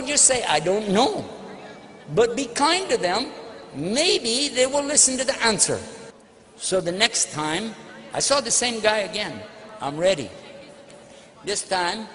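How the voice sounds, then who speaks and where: A man's voice: high voice, fairly bright tone. A man answering an audience question at a religious lecture, telling a personal story and acting out the dialogue. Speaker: Islamic speaker. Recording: long hall reverb, faint noise.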